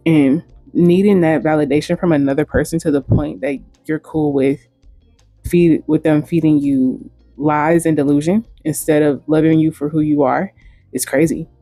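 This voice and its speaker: A woman's voice: low-pitched, steady tone, moderate pace, warm tone, no room sound, faint music behind. A woman hosting a casual commentary vlog, speaking bluntly and frankly with casual profanity. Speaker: host.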